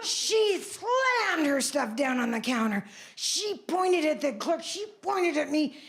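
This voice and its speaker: A woman in her seventies does live stand-up on a comedy club stage, spinning brash, self-mocking stories full of big exclamations. Her voice is high and sing-song, a bit bright, and slow-paced. The club's stage mic picks up the audience, whose laughter fills the background.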